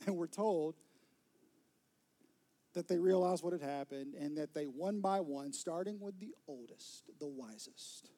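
A man preaching a sermon, telling the story dramatically, sometimes dropping to a soft whisper and sometimes rising to an emphatic peak. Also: on the high side, unhurried. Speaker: pastor.

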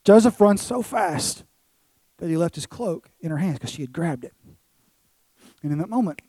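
A man's voice: high voice, animated, moderate pace, dark tone, husky, no room sound. A man preaching a sermon as pastor, emphatic, with repeated phrases and rhetorical questions to the congregation.

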